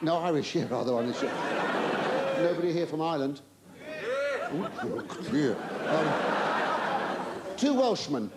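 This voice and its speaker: A man's voice: fairly high pitch, very animated, unhurried, long pauses, a loud crowd. A man doing live stand-up in a theatre, stammering through flustered asides and mock-indignant denials while he teases the audience. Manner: chatty, teasing the audience. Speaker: stand-up comedian. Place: large theatre stage before a live audience. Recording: live theatre recording with audience laughter and hiss.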